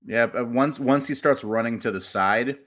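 A man co-hosting a sports podcast, lively and wisecracking in casual chat. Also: moderate pace. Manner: lively, wisecracking, swings in pitch. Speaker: podcast co-host.

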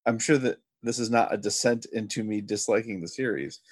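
A man's voice: on the low side, fairly quick, husky, dry recording. A man co-hosting a casual chat about a TV episode, often stumbling over his words before he makes his point. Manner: hesitant, restarts, then animated disbelief. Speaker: podcast co-host.

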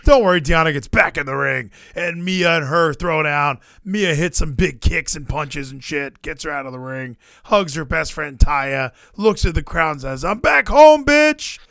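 A man co-hosting a casual wrestling chat, animated and jokey, swearing freely. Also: a little high, moderate pace, creaky, hardly any pauses, no room sound, clean studio sound. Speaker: podcast co-host.

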